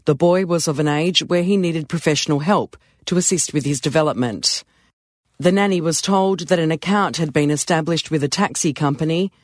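A man narrating a story in a calm, measured way. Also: fairly high pitch, dry recording, studio quality.

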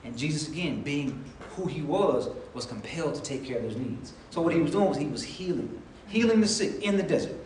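A man's voice: on the high side, expressive, fairly quick, few pauses, a little mellow, a little hiss or hum. Man preaching conversationally in an echoey church. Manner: conversational preaching with acted-out dialogue. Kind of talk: sermon. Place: church sanctuary. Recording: echoey hall from far off. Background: congregation responses.

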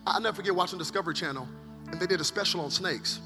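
A male pastor preaching a dramatic sermon at a conference, swinging between loud acted cries and hushed, intense passages. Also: high-pitched, rapid-fire. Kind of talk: energetic sermon. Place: large conference hall. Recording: live sermon with hall reverb and faint music.

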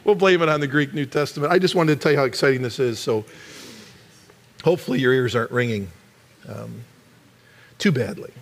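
A middle-aged man preaching a sermon in church, animated and sometimes rising to a shout for emphasis. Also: medium pitch, brisk, long pauses. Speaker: pastor.

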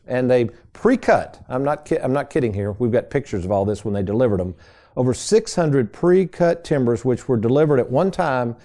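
A man's voice: medium pitch, warm tone. A middle-aged man hosting a financial radio show, telling stories in a folksy, chatty way and calling his listeners folks. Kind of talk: casual storytelling on a radio show.

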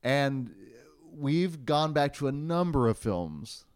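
A man hosting a podcast in a casual chat, talking in an animated, wordy way with playful puns. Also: medium pitch, slow, clean tone. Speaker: podcast host.

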